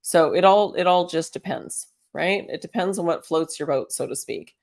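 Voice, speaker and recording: A woman's voice: on the low side, moderate pace, a little mellow. A woman hosting a casual spiritual self-help talk, chatty and encouraging, firing off strings of rhetorical questions and laughing often. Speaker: host.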